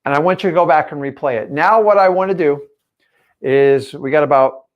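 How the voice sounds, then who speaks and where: A man coaching his audience on a live stream, with a voice pitched somewhat high for a man. He talks straight at the viewers, pressing each point with blunt emphasis. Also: fairly quick, dull audio. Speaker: real estate coach.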